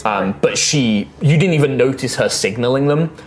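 A man's voice: mid-range voice, lively intonation, normal speed, a little hiss or hum. A man narrating a tabletop game as game master, in loose, filler-heavy speech.

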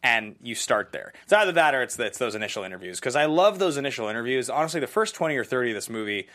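A man hosting a casual film podcast, talking quickly in rambling, self-interrupting sentences. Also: mid-range voice, big pitch swings, a bit bright. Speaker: podcast host.

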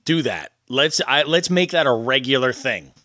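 A man's voice: medium pitch, animated, normal speed, bright, forceful tone, dry recording, studio quality. A man hosting a casual podcast, telling a rambling fishing story with chuckles. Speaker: podcast host. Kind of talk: casual chat.

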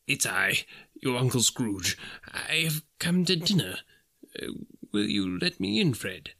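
A man voicing an old miser, newly kindly, who speaks softly and slowly in a storybook reading. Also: mid-range voice, big pitch swings, exaggerated voice. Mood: gentle. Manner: soft, hushed and slow.

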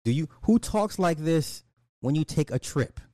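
A man's voice: on the high side, lively intonation, unhurried, dark tone, no room sound. Guy going off on a rant, cussing, says stuff twice, dry close sound. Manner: blunt, profane, repeats lines for emphasis. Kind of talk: casual commentary rant.

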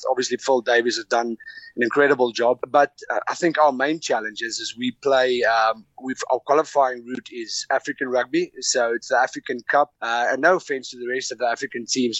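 A man from Namibia, a former rugby player chatting casually as a guest from a hotel room, relaxed and hesitant with many fillers. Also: medium pitch, dry recording. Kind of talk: casual interview chat. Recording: dull lo-fi remote call.

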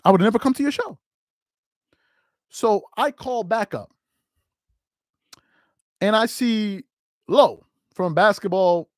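A man's voice: a little high, no room sound, studio quality. A man hosting a podcast, delivering an emphatic monologue and repeating his lines to drive each point home. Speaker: podcast host. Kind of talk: animated monologue.

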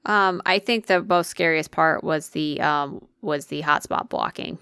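A woman's voice: sits low, measured pace, pushed and bright, clear, resonant tone, no echo, studio quality. Blunt woman podcast co-host. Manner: blunt, swears casually. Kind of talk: casual chat.

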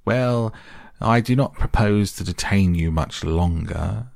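A man voicing a pompous male Chief Weasel with a high, squeaky voice, mocking as he gives a speech. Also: vocal fry, a little mellow, no room sound, clean studio sound. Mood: boastful. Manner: mocking, drawn-out toasting.

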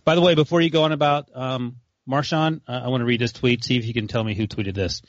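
A man's voice: medium pitch, steady tone, fast talker, dry recording, muffled recording. A man co-hosting a casual sports chat with a wry, mock-scolding manner. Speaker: podcast co-host.

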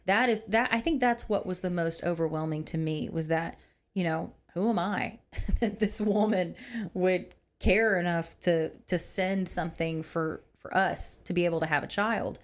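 A woman's voice: on the low side, normal speed. A woman co-hosting a faith podcast in casual chat, speaking in a heartfelt, emotional and earnest way. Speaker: podcast co-host. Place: office used for recording podcasts.

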